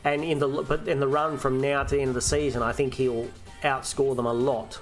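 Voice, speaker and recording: A man's voice: medium pitch, flat delivery, fairly quick, faint music behind. An Australian man hosting a fantasy football live stream, chatting casually and ranting and swearing, with frequent restarts.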